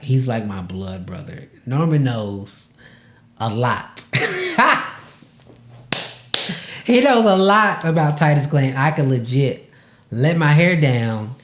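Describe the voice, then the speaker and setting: A man hosts a podcast in a slow, unhurried way, speaking from the heart and fighting back tears. He stresses words by repeating them. His voice rings in an echoey room. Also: medium pitch. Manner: emotional, close to tears, laughing through it; casual, repeats words for emphasis. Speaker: podcast host.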